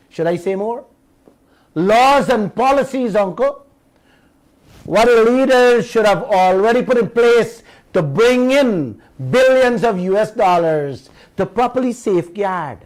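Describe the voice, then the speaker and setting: A man with a Guyanese accent hosting a radio talk show, telling stories in an animated, indignant way and repeating himself. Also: high-pitched, poor audio. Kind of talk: heated talk radio monologue.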